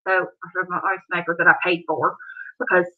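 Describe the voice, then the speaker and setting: A woman's voice: lowish voice, flat delivery, a little fast. A woman with a Blue Ridge Mountain accent, hosting a livestream from home in a chatty, rambling way. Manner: chatty and rambling, with a Southern drawl. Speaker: livestream host. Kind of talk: casual chat. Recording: slightly muffled livestream audio.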